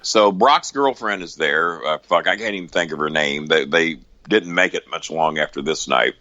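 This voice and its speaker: A man's voice: a bass voice, normal speed, no room sound, lo-fi sound. A man telling wrestling-road stories as a podcast guest, swearing freely and acting out both sides of each exchange. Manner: profane, animated raconteur. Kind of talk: casual storytelling.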